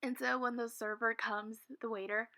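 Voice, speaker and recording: A young woman chatting casually to her viewers and telling stories, giggly and full of "like" and "um", often sinking to a soft murmur. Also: fairly high pitch, flat delivery, moderate pace. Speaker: Sims content creator. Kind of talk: casual storytime chat.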